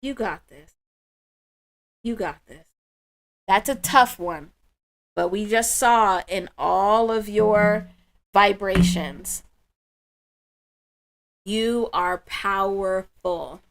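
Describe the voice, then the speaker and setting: A woman hosting a spiritual livestream, chatting with viewers in an emotional, affirming way. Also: mid-range voice. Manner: warm, emotional, affirming, slow and soft-spoken. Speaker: livestream host.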